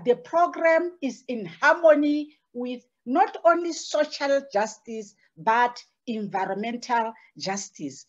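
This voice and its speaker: Slow, high-voiced woman panelist. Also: highs cut off. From Botswana. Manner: measured, hesitant with many fillers and restarts. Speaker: panelist, evaluation scholar. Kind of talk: panel talk.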